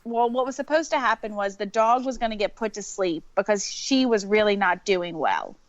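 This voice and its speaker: A woman's voice: medium pitch, expressive, normal speed, no room sound. A woman, telling a story in casual chat and laughing often. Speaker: podcast guest. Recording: dull lo-fi sound.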